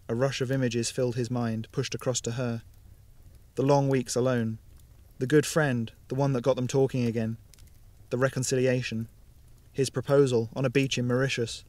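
Guy reading a sci-fi audio story, steady and even, mid-pitch voice. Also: moderate pace, no room sound. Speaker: narrator. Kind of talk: scripted story narration.

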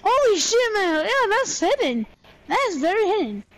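A woman gamer chatting casually, excitable and shrieking with lots of swearing. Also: very high-pitched, moderate pace. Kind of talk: casual chat while gaming.

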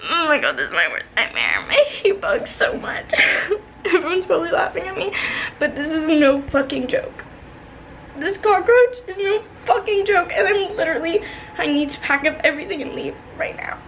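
A young woman with a high, bright-pitched voice talks into her phone in her bedroom. She sounds shaken and tearful, swearing freely and flipping between nervous laughs and near-sobs. There is a faint hiss behind her. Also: very animated, brisk. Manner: panicked, swearing, half laughing half crying. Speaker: vlogger. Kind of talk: casual vlog monologue. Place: apartment bedroom.

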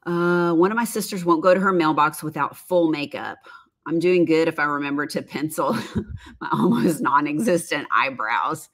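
A woman's voice: low-pitched, moderate pace, fairly bright tone. A woman in her fifties chatting casually on a live stream, reading viewer comments with frequent laughs and rambling asides. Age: 50s. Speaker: livestream host, former makeup artist.

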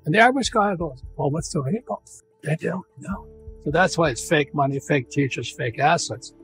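A man's voice: a little high, animated, moderate pace, a bit bright, soft background music. A man in his seventies with an American accent, giving an interview in an emphatic, repetitive ranting way with frequent restarts. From United States. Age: 70s. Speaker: interview guest, author.

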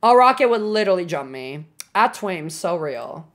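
A young woman in her twenties streaming, chatting casually and excitably with lots of filler words. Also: lowish voice, normal speed, slight background noise. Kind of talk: casual livestream chat.

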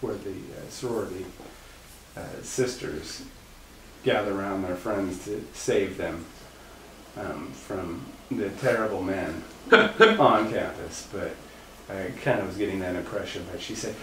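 A man guest in an interview, telling a long anecdote in a casual, animated way, laughing at his own story. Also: deep voice, unhurried. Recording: echoey room, far from mic, faint noise.

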